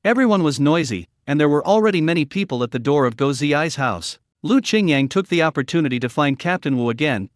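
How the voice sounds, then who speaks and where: A man narrating a story recap in an even, read-aloud way. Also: a little high, fairly quick, few pauses, no room sound, studio quality.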